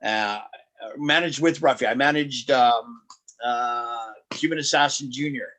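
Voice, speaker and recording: A man guest on a podcast, telling road stories in a lively, animated way, often restarting his sentences. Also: medium pitch, measured pace, slight background noise. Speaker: wrestling promoter and guest. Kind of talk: casual podcast storytelling.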